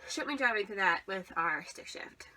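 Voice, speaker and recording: Bright, chatty young woman vlogger. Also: medium pitch, lively intonation, fairly quick. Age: young adult. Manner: chatty, rambling, with frequent "like" and "um". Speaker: book vlogger. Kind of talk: casual vlog chat.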